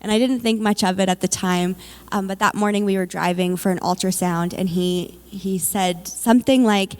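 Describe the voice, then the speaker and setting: A woman's voice: medium pitch, fairly even intonation, normal speed, a little mellow, clear, resonant tone. A woman, a mother, sharing a personal faith testimony at a church service in a candid, conversational way, with frequent "like" and "um".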